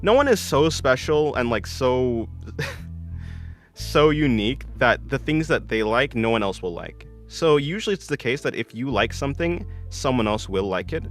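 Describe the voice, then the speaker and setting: Young male art streamer, lively pitch, rambling casual chat, laughs a lot, faint music under. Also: moderate pace. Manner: rambling, self-correcting, laughs often.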